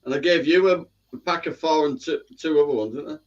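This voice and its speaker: A man's voice: on the high side, fast. A blunt, jokey man who swears a lot while chatting on a live stream. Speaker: live stream panel guest. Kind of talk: casual banter. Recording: lo-fi call audio.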